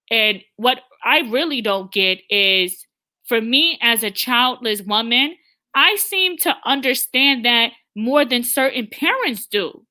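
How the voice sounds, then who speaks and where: Woman host, fairly high and tense voice, blunt opinion talk, lots of restarts. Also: sharp tone. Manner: emphatic and blunt, with frequent stammered restarts. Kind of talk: opinionated live-stream talk.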